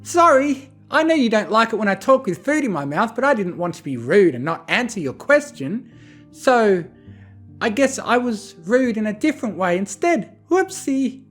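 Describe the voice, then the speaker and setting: A narrator voicing a bubbly, hyper young female pony who talks excitedly. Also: medium pitch, moderate pace, faint music behind, voice pushed up. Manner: excited, bouncy and giggly.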